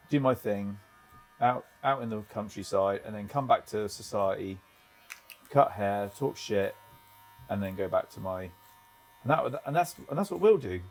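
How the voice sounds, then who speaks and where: A man's voice: lowish voice, measured pace, pauses often, poor audio. A man working as a barber, joking and laughing often in casual chat in a barbershop. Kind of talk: casual chat while cutting hair.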